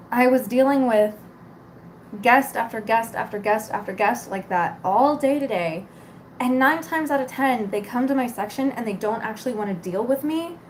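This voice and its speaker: A cosmetics store worker in her twenties vents in a casual rant, exasperated and sarcastic, swearing constantly. Her voice is high-pitched, with slight background noise.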